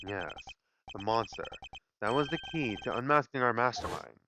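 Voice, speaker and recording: A man voicing a cool, analytical male prosecutor, speaking in a measured, deliberate, lowered voice. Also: over music, lightly acted. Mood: composed. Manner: measured, deliberate, low and serious.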